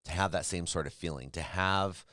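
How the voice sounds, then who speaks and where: A man's voice: low voice, normal speed, pushed and bright, no room sound, studio quality. A man co-hosting a podcast, talking casually and earnestly about parenting, often restarting his sentences. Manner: earnest, restarts and repeats himself, advice-giving. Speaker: podcast co-host.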